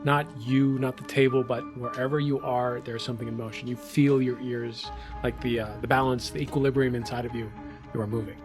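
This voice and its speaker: A man's voice: medium pitch, steady tone, fairly quick, music in the background. A man narrating a tabletop game as game master, descriptive, with filler words.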